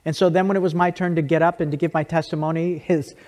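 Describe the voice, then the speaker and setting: A man's voice: on the high side, level tone, fast, a little mellow. A man speaking to an audience, telling a personal story conversationally, with frequent restarts and asides. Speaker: speaker giving a testimony. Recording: long hall reverb.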